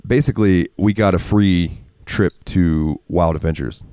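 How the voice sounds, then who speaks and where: Deep-voiced man, profane storyteller. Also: measured pace, warm tone, dry recording. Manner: profane, rambling, laughs often. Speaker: podcast co-host. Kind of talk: casual storytelling chat.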